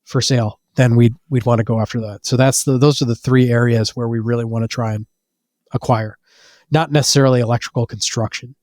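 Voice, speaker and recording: Guy w a stuffy nasal cold voice, halting, lots of uh's, dry close sound. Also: mid-range voice, fairly even intonation, darkish tone, dry recording. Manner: halting, repeats words, many fillers. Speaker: guest, business owner. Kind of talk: casual interview answers.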